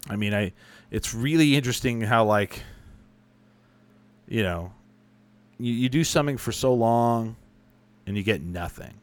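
A man's voice: medium pitch, lively intonation, measured pace, long pauses. A young adult man chatting casually as a podcast host, answering listener questions with rambling, profane, self-correcting stories. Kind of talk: casual chat.

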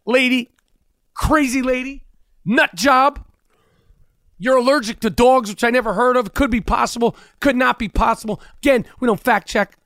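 A man with a strikingly high voice rants on a talk show, crude and incredulous, piling on the outrage. The sound is close and dry, with no room around it. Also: fairly bright tone, no echo. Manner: heated, crude, incredulous ranting. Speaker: host. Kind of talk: profane comedic rant.

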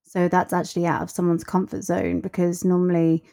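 A woman guest in casual conversation, telling stories in an animated way and acting out what people said. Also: on the low side, brisk, vocal fry. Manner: animated storyteller, acts out quotes.

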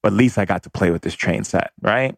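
A man telling a personal childhood story as a monologue, animated and laughing as he recalls it. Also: lowish voice, brisk, creaky, no room sound, studio quality.

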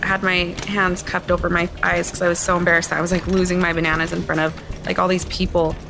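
A woman's voice: lowish voice, flat delivery, quick pace, creaky, music in the background. A woman in her thirties from Utah, candidly retelling a painful experience in her own words. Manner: candid, retelling with many quoted asides. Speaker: interviewee. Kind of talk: emotional personal testimony.

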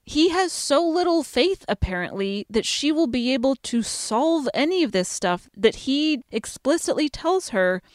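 A woman's voice: high voice, very animated, unhurried, few pauses, no echo, clean studio sound. A woman co-hosting a podcast, recounting things incredulously and laughing often in casual chat. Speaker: podcast co-host.

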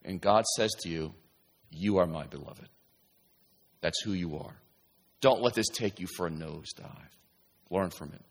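A man's voice: sits low, moderate pace. Emphatic male preacher in a reverberant hall. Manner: emphatic, repeatedly asking "do you understand?". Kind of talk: sermon.

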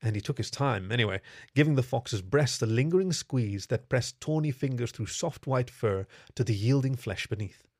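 A man reading a story aloud in steady, even scripted narration. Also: mid-range voice, normal speed, no room sound, studio quality.

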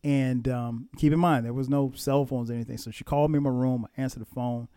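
A middle-aged man hosts a casual storytelling podcast in a mellow, relaxed voice. He reminisces in a self-mocking way and chuckles often. The sound is close and dry. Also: medium pitch, fast, clean tone, no room sound. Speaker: podcast host.

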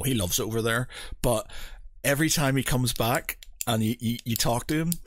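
A man's voice: medium pitch, no echo. Chatty Northern Irish man, dry close sound. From Northern Ireland. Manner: chatty storyteller, mimics others with laughs. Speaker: podcast host. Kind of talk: casual chat.

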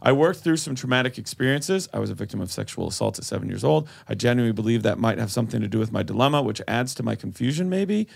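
A man's voice: mid-range voice, expressive, fast, vocal fry, hardly any pauses. A man co-hosting a comedy podcast, reading out a listener's letter and stopping to add asides. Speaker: podcast co-host.

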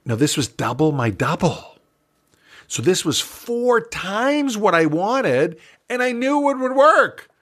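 An older man, an entrepreneur guest in an interview, telling a story in a lively, animated way with frequent laughs. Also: high voice, takes it slowly.

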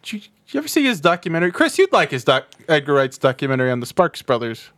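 A man's voice: a little high, wildly swooping pitch, racing, fairly bright tone. A man co-hosting a podcast, making wry jokes in casual movie chat. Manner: wry, joking asides. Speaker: podcast co-host.

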